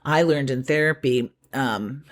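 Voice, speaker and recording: A woman co-hosting a podcast in casual chat, emotional and animated, acting out what people say. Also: extremely low pitch, measured pace. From Italian heritage. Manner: emotional, animated, acts out quotes. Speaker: podcast co-host.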